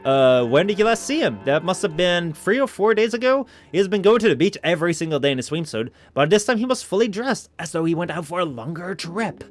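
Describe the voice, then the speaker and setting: A man's voice: sits high, sing-song, a little fast, hardly any pauses, faint music behind. A man reading the lines of a polite, chatty hotel receptionist in a video game. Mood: informative.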